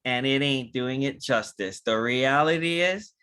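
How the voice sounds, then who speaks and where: A man giving an energetic, animated training talk on a video call, acting out short dialogues with big jumps in pitch. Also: measured pace, clear, resonant tone. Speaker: network marketing trainer.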